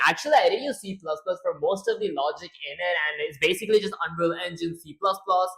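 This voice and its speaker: A man's voice: sits high, fast talker, few pauses, a bit bright. A man hosting a programming livestream, chatting casually, narrating his own steps and answering questions from the chat. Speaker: livestream host.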